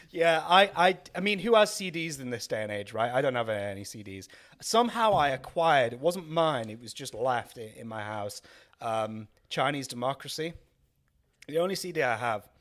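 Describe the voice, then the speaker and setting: A man's voice: mid-range voice, very animated, normal speed, fairly bright tone. Male co-host, rambling and self-mocking, casual chat. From Wales. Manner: rambling, self-deprecating, many restarts. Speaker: podcast co-host. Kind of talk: casual chat over drinks.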